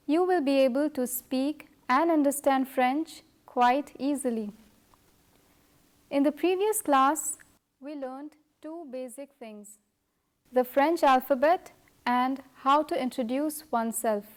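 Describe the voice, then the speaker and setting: Slow, careful woman teaching French. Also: sits high. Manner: slow, careful, measured delivery. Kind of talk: scripted language lesson.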